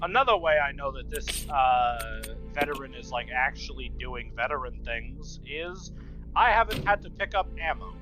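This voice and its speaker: A man chatting casually while playing a game, halting and restarting his sentences. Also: medium pitch, expressive, rough recording. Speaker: co-player. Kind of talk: casual chat while gaming. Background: game music.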